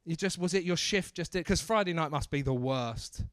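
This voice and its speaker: A man's voice: a little high, expressive, moderate pace, fairly bright tone, clear, resonant tone, dry recording. A man working as a comedy club MC, doing brash, teasing crowd work on stage and swearing freely into a handheld mic.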